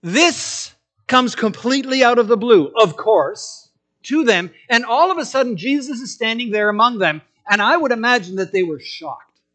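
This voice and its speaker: A man with a notably high voice preaches a sermon. He tells the story with animation and shifts into different voices for the quotes he acts out. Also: animated, moderate pace, pushed and bright.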